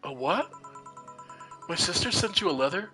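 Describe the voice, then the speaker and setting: A streamer voicing a gentle, curious young woman. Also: medium pitch, lively intonation, moderate pace, faint music behind. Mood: surprised. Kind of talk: reading visual novel dialogue aloud.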